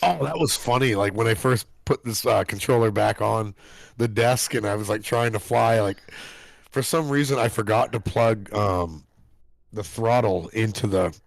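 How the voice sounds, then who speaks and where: A man's voice: fairly low pitch, moderate pace, gravelly, no room sound. A man hosting a casual podcast chat, telling stories animatedly, acting out quotes, swearing and laughing. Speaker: podcast host.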